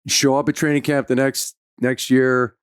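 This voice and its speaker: A man telling locker-room stories in a relaxed chat, laughing often and acting out what others said. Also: medium pitch, moderate pace, clear, resonant tone, dry recording, clean studio sound. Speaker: former hockey player guest. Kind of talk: casual storytelling.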